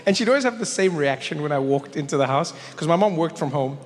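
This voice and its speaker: A male comedian telling animated stories during a stand-up set. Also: fairly high pitch, fast talker, in a large hall. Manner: animated storyteller.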